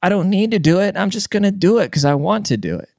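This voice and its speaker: A man's voice: high voice, sing-song, fast, creaky, darkish tone, no echo, studio quality. A young man hosting a podcast, telling a rambling, profane story in a loose casual monologue. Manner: rambling and profane, with frequent restarts and "dude". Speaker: podcast host.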